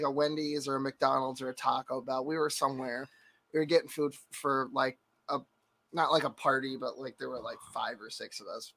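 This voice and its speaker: A man's voice: a little high, pushed and bright. A man hosting a casual comedy podcast, rambling and swearing as he tells stories. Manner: rambling, profane, laughing storyteller. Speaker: podcast host.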